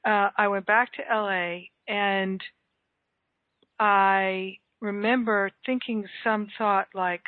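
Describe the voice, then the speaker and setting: A woman's voice: mid-range voice, steady tone, slow pace, dry recording. Woman telling a story over a phone line. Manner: warm reflective storytelling with fillers. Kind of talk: casual spiritual conversation. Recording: tinny phone line, dry.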